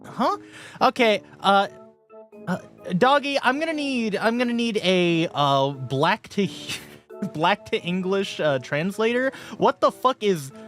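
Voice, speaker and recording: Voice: mid-range voice, expressive, takes it slowly, a bit bright, faint music behind. A livestream host casually reading chat messages aloud, often swearing and laughing in disbelief.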